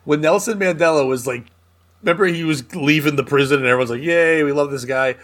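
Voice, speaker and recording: A man's voice: fairly high pitch, fast, a bit bright. A man who is a comedian, a guest in a casual podcast chat, telling rambling anecdotes with dry jokes.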